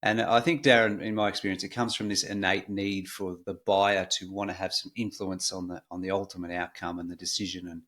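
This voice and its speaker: A middle-aged Australian man hosting a podcast in a relaxed, chatty way with frequent fillers. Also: low voice, brisk, few pauses. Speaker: podcast host. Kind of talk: casual conversational podcast.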